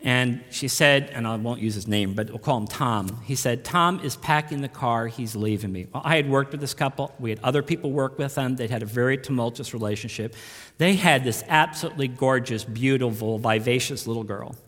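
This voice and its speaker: A male pastor preaching a sermon earnestly, rising in force on key lines and dropping soft on tender ones. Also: mid-range voice, a little fast, long reverb tail.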